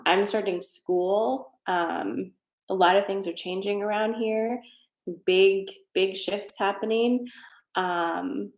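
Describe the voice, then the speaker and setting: Woman host, chatty and rambling, casual talk into a guided breathing exercise, mid-pitched, echoey room. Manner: chatty, rambling, many fillers. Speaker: host of a tarot and energy livestream.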